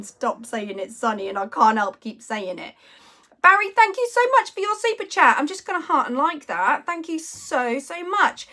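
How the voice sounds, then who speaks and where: Chatty woman in her forties. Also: on the high side. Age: 40s. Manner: chatty, rambling, warmly reacting to viewers' messages. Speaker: live stream host. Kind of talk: casual live chat reading comments.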